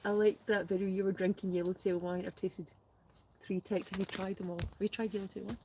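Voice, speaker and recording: A woman's voice: mid-range voice, flat delivery, a little fast. Chatty woman in a noisy tent. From Scotland. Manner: chatty, reads out viewer comments, laughs often. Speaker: guest, host's sister. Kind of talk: casual live stream chat. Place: inside a smoky tent.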